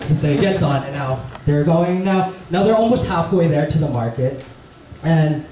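Casting young male preacher, chatty and loose with fillers, mellow voice, recorded from across an echoey church hall. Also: fairly high pitch, moderate pace, distant mic. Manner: relaxed, chatty, many fillers and "like". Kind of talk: casual church message with storytelling. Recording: echoey church hall, faint room noise.

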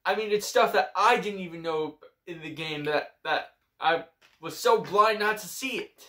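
A man's voice: high-pitched, normal speed, sharp tone. A young man chatting casually about video games as a co-host, eager and a little hesitant. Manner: eager, hesitant, full of fillers. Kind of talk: casual gaming chat. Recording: echoey room.

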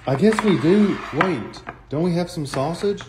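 A man's voice: a little high, animated, unhurried, noisy background. A man casually hosting a home cooking video, playful and joking, talking to viewers as folks.

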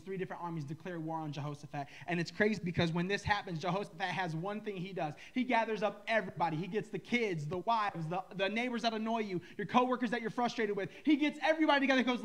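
A man's voice: high-pitched, fairly even intonation, quick pace. A man preaching a sermon as a pastor, in a loose, conversational way, joking with and teasing his listeners. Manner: conversational, joking, ribs the audience.

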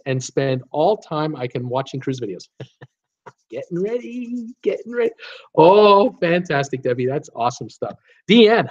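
A man with a higher voice, captured in dull audio, hosts a travel vlog livestream. He reads viewer comments aloud in a casual, enthusiastic chat, repeating words of praise.

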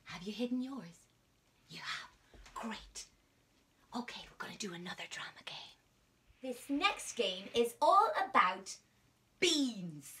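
Taking things slowly with long pauses, the Irish drama teacher sounds fairly high, lively, pushed and bright, with slight background noise. She coaxes young children playfully, often whispering, while a distant phone camera films at home.

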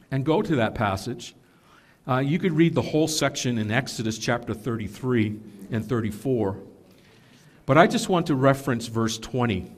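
A man's voice: medium pitch, expressive, moderate pace. A man preaching to his congregation, teaching earnestly and with emphasis, with self-corrections and casual asides. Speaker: pastor. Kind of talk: sermon.

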